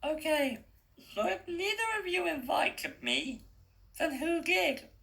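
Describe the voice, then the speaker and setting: Casting: a man playing a timid young princess girl in a squeaky falsetto, storybook reading, bright tone. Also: very animated, slow pace, gravelly, heavily acted, low-quality recording. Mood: timid, curious.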